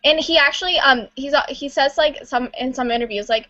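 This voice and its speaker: A woman's voice: sits high, fairly quick, few pauses, a bit bright, lo-fi sound. A young woman co-hosting a casual live chat, gushing and giggly, with many fillers. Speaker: co-host of a live fan stream.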